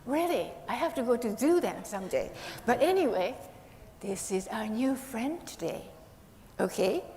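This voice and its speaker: A woman's voice: fairly high pitch, very animated, normal speed, darkish tone. A woman minister giving a playful children's sermon with a puppet, coaxing the kids with questions. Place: temple hall. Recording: echoey hall, faint hiss.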